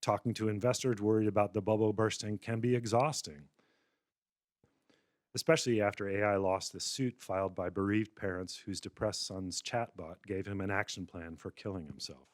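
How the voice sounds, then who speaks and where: A man's voice: on the low side, moderate pace, no echo, studio quality. A male lecturer giving a public talk, narrating a wry, satirical scenario. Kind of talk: public lecture, storytelling argument.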